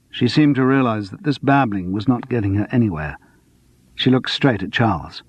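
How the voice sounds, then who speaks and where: A man narrating a cozy mystery audiobook in an expressive, steady storytelling manner. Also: medium pitch, moderate pace, husky, no room sound. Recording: dull lo-fi dry audiobook recording.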